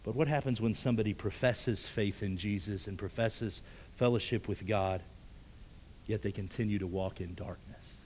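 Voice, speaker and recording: A male pastor preaching a sermon, emphatic, often repeating words, moving between strong raised passages and hushed near-whispered lines. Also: fairly low pitch, normal speed, slight background noise. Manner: emphatic, rising to forceful peaks then dropping to hushed near-whispers; repeats words when stressing a point.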